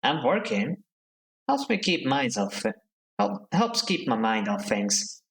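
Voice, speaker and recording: A man's voice: medium pitch, big pitch swings, slow, a bit bright, heavily acted. A man reading the lines of a sheepish, earnest crewmate in a sci-fi game, in a slightly raised voice. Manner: apologetic, earnest. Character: bright-voiced android crewmate, sheepish and busy. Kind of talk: reading game dialogue aloud.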